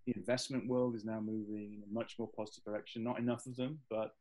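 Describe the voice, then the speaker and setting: A man's voice: on the low side, flat delivery, quick pace, darkish tone, poor audio. A man with an English Midlands accent, a guest on an interview, talking with enthusiastic, rambling energy and frequent restarts. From English Midlands, Staffordshire. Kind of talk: casual interview chat.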